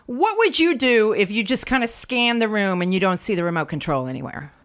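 A woman's voice: medium pitch, lively intonation, fairly quick. An American woman co-hosting a casual podcast, telling an indignant story with lots of asides. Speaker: podcast co-host.

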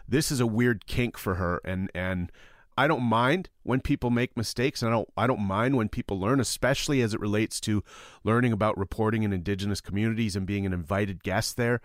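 A man's voice: lowish voice, no room sound, clean studio sound. A man on a podcast panel, speaking in heated, emphatic opinion talk and swearing freely.

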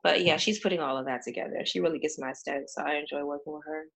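A woman co-hosting a casual podcast chat, animated and joking, with a lot of profanity. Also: low-pitched, very fast, vocal fry. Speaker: podcast co-host.

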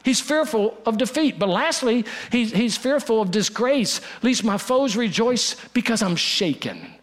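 High-voiced preaching man. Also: animated, unhurried. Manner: preaching with dramatic dips to a hush and rises to urgency; quotes and repeats lines for emphasis. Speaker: pastor. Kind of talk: sermon.

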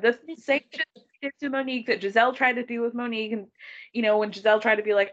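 Higher-voiced woman gossiping about a tv show, laughs a lot, kinda muffled audio. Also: fast talker. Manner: animated, quotes people in put-on voices, laughs often. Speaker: podcast co-host recapping a reality show. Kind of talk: casual chat.

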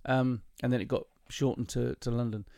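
A man's voice: medium pitch, flat delivery, a little fast, creaky, dark tone, no room sound, studio quality. A man co-hosting a podcast in casual chat, eagerly sharing trivia and laughing as he goes. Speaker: podcast co-host.

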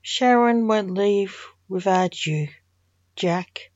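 A woman's voice: medium pitch, drawn-out words, a little mellow, dry recording. A woman voicing an impatient male Grim Reaper who huffs and snaps in exasperation, in a dull lo-fi recording. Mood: commanding. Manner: huffy, exasperated.

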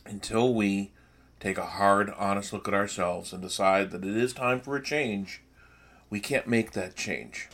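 A man's voice: fairly low pitch, measured pace, a bit bright. A man giving an earnest, reflective scripted introduction as the host of a podcast.

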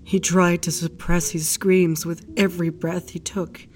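A woman narrating in the first person for an audio drama, in a hushed, grief-stricken retelling. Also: fairly low pitch, level tone, a little slow, faint music behind. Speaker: narrator recounting a case file.

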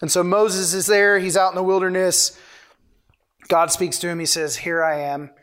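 A man's voice: sits high, fairly even intonation, normal speed, a bit bright, smooth. A man preaching an informal sermon, reading scripture aloud with conversational, playful asides.

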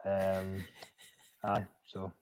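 A man's voice: low-pitched, monotone, extremely slow, darkish tone. A Scottish man, a rugby player guest, chatting casually in a laid-back, self-mocking way. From Scotland. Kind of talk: casual chat.

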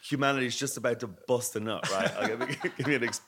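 A man's voice: mid-range voice, quick pace, a bit bright. A man co-hosting a podcast, chatting casually and joking playfully. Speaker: podcast co-host. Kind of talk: casual chat.

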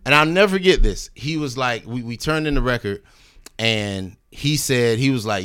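A man from North Carolina, a guest rapper, telling animated stories in a casual interview, swearing freely and acting out what others said. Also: medium pitch, moderate pace, clean tone. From Greensboro, North Carolina. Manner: animated storyteller, swears freely, acts out quoted people.

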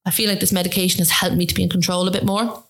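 A chatty Irish woman in her forties tells her story in an interview. She acts out what people said to her, with lively jumps in her voice. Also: fairly low pitch, racing. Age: 40s. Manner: chatty, animated storytelling with acted-out quotes. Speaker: guest. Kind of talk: casual interview chat.

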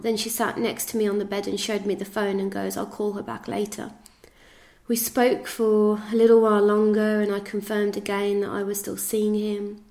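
A woman with an English accent giving a halting spoken account, retelling conversations step by step. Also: mid-range voice, gravelly. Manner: flat, halting retelling with reported speech. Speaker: interviewee recounting events. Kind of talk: spoken testimony.

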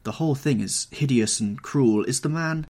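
A man voicing a sensitive, troubled young gentleman who speaks in a pleading, anguished way. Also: medium pitch, moderate pace, pitched above the performer's own voice, natural voice. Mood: distressed.

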